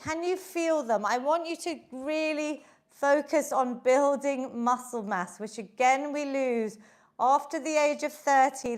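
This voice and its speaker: A woman leading a live online workout class, upbeat and encouraging, counting down reps and slightly out of breath. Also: high voice. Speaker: fitness instructor.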